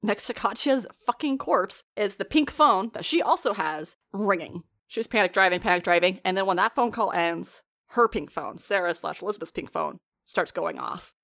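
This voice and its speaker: Animated, foul-mouthed young woman. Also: medium pitch, moderate pace, creaky, few pauses. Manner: animated, swears freely, laughs often. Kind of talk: casual chat recapping a TV episode.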